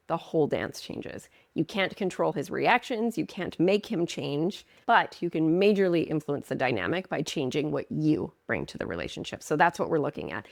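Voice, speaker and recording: Low-voiced woman giving coaching advice. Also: vocal fry, dry recording, studio quality. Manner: earnest and emphatic, with playful asides. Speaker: marriage coach. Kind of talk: direct-to-camera coaching talk.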